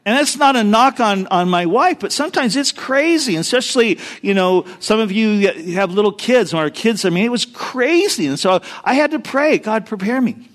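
A man's voice: high voice, moderate pace, hardly any pauses. A middle-aged man, a pastor, giving a sermon with humorous stories, speaking directly to the congregation and acting out the voices in his anecdotes. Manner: animated storytelling, acts out quoted voices, addresses the congregation directly.

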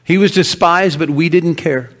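A man performing a dramatic first-person monologue as an earnest merchant, an emotional storyteller who swings from loud to hushed. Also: on the high side, moderate pace, close to an everyday voice. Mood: storytelling. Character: earnest male merchant telling his story.

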